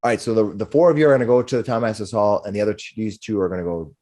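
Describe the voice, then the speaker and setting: Low-voiced man running a tabletop game. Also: racing, dark tone. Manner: rambling, restarts often. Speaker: game master.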